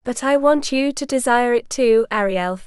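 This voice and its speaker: A woman reading the lines of a proud, teasing medieval warrior husband in an audiobook, calm and frank. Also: a little high, normal speed, clean tone, no echo, studio quality, close to an everyday voice.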